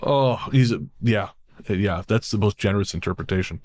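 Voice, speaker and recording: With a fairly low, slightly mellow voice and a brisk pace, a man helps host a podcast of spooky stories, reading one sent in by a listener. His chat is casual and sardonic, peppered with swearing and laughs.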